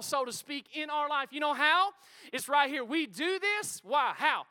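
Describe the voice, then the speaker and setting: A man preaching a sermon to a congregation. He preaches in an energetic, conversational way and calls out to the crowd. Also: very high voice, dry recording. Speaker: pastor. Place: church auditorium before a congregation.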